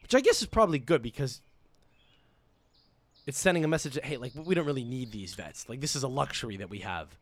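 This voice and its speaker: A young man hosting a podcast, telling a story in an excitable, profane rant. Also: medium pitch, a little fast, no room sound. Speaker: podcast host. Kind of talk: casual rant.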